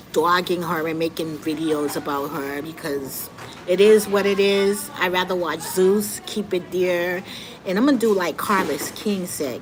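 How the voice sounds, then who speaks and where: A middle-aged woman hosting a live stream, giving candid, animated commentary straight to her viewers. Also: fairly low pitch. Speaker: livestream host. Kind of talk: casual commentary monologue. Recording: noticeable background noise.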